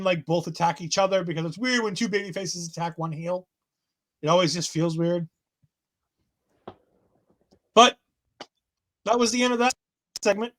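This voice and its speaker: A man with a notably high voice, talking as a podcast host. He recaps events in a lively, enthusiastic way. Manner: enthusiastic, acts out quotes in voices. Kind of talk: casual wrestling recap chat.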